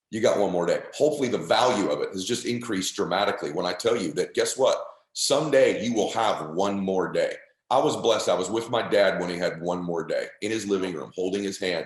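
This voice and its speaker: A man's voice: fairly low pitch, roomy sound. A middle-aged man telling an emotional story as a motivational speaker, intense and emphatic. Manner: intense, emphatic, calls listener "bro".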